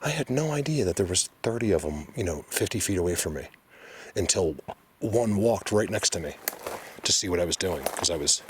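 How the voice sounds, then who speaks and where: A low-voiced man talks to his viewers while exploring the woods, keeping his voice hushed and then bursting into excited remarks. He often slips into a whisper, and the outdoor recording carries clear background noise. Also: a little fast. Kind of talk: casual narration to camera.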